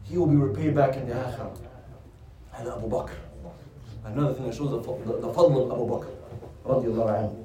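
A man's voice: mid-range voice, fast talker, pauses often, dark tone. Male religious teacher, storytelling lecture style, poses and answers his own questions; echoey room, off-mic. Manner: asks rhetorical questions and answers them. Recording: roomy sound from a distant mic.

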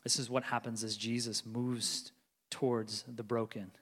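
A man in his forties preaching a sermon, moving between loud urgency and hushed, near-whispered lines. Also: medium pitch, flat delivery, a little slow, breathy edge. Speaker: pastor. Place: large church sanctuary. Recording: long reverb of a large church hall.

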